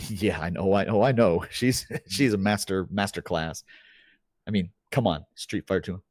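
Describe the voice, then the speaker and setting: Deep-voiced laid-back podcast guy. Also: normal speed, no echo, studio quality. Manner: laid-back, rambling with fillers. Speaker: podcast co-host. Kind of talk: casual chat.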